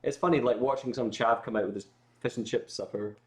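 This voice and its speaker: A Scottish man talks fast in a loose, rambling way, full of filler words and quick jokey asides. His pitch sits in the middle, and he speaks as a relaxed guest on a casual livestream. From Scotland. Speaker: guest musician.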